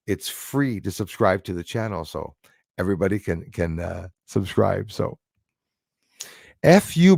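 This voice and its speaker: A Canadian man hosts a livestream, chatting casually and rambling with plenty of fillers as he reads comments and thanks viewers. His voice is low-pitched and gravelly, in studio quality with no room sound.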